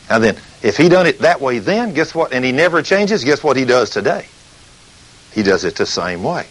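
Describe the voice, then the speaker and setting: A man's voice: mid-range voice, sing-song, moderate pace, breathy edge, low-quality recording. A man preaching a sermon. He asks rhetorical questions and acts out the scenes and voices he quotes. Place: studio recording between breaks.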